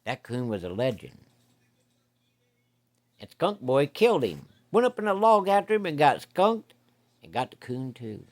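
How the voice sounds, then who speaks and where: A man's voice: mid-range voice, very animated, measured pace, pauses often, darkish tone. A man voicing a joking hunting buddy, speaking mock-solemnly.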